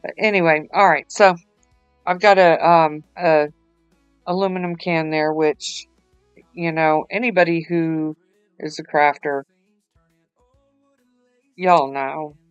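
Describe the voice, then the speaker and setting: Worn out lady rambling thru a craft vlog, slow easygoing talk, smooth voice, dry sound. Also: low voice, fairly even intonation, no echo, highs cut off, faint music behind. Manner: rambling, chatty, many fillers and restarts. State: tired, yawning. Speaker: craft vlogger. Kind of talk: casual voice-over while crafting.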